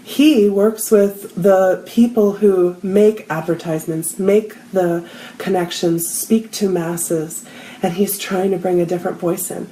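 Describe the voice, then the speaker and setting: Animated woman telling a spiritual story, echoey. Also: on the low side, measured pace, a little hiss or hum. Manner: animated storyteller acting out quotes. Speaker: spiritual healer and co-host. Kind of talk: storytelling in a casual group talk.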